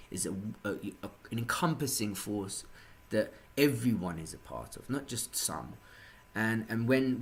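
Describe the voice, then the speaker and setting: A man from England ranting in a casual monologue, swearing often and swinging between low muttering and loud outbursts.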